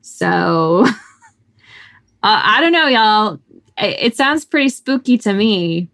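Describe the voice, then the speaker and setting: A woman's voice: medium pitch, animated, slow, fairly bright tone. A woman co-hosting a podcast, telling spooky stories in a casual, slangy way with laughs and swearing. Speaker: podcast co-host. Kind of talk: casual chat, telling a ghost story.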